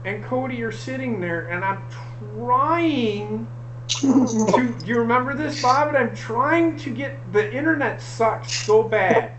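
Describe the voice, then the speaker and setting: A woman hosting a casual stream talks in a lively, up-and-down voice. She tells her stories with plenty of swearing and breaks into laughter often. A steady hum runs underneath the recording. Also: mid-range voice, unhurried, low-quality recording. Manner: animated storytelling, heavy swearing, frequent laughing. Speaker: host. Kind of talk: casual chat on a live stream.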